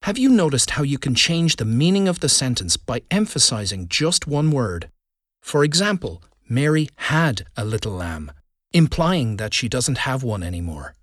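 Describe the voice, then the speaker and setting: Male speaking coach, scripted lesson, lively pitch, keywords stressed, dry booth sound. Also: dry recording. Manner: deliberate, emphatic delivery with stressed keywords. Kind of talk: scripted instructional narration.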